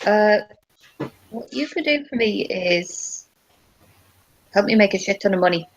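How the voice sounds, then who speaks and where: A woman's voice: medium pitch, lively intonation, a little slow. A woman playing her character in a tabletop game, playful and bargaining. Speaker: player. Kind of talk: in-character tabletop role-play. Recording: dull lo-fi recording.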